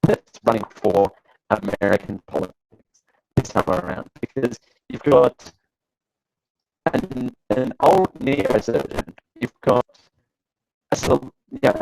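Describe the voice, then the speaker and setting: A man's voice: lowish voice, a little slow, creaky, a little mellow, rough recording. A man hosting a live talk show, giving casual, sarcastic commentary that rambles with fillers and restarts. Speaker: show host.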